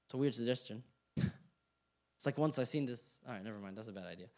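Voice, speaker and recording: In a community center classroom, a young instructor keeps his class interactive, joking around and firing questions at the students in a playful, casual way. He talks fast in a mid-range voice that's a little mellow.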